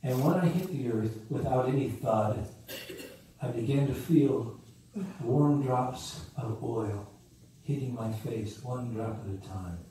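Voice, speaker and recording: A man's voice: medium pitch, slow, warm tone, a little hiss or hum. A man preaching a sermon as pastor, telling stories and rising and falling in emphasis. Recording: echoey room from far off with faint ambience.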